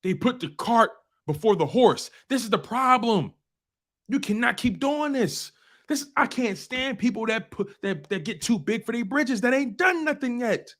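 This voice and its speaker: A man hosting a sports talk show, ranting in a casual, animated way and repeating phrases for emphasis. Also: very high-pitched, normal speed.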